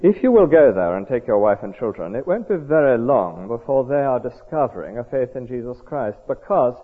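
A man preaching a sermon in an earnest, measured, conversational way. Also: medium pitch, very animated, breathy edge. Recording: tinny echoey hall recording.

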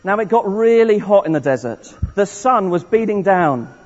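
A man's voice: high-pitched, expressive, normal speed. Guy leading a playful church story session, muffled dull sound, echoey church. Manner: playful, encouraging, restarts often. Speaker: church leader running an interactive all-age service. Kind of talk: interactive storytelling with a congregation. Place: large church hall.

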